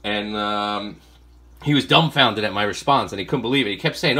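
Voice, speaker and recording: A man's voice: on the low side, a little fast, sharp tone. A man hosting a casual comic haul vlog, a rambling storyteller who fills his talk with fillers and acts out what he told people. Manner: chatty, many fillers. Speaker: comic collector vlogger.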